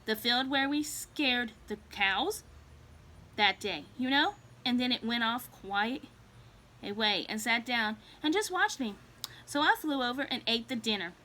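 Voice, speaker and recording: A woman's voice: on the high side, sharp tone. A woman voicing Harriet, a small, curious young female cat with wings, who talks in an eager, dreamy way.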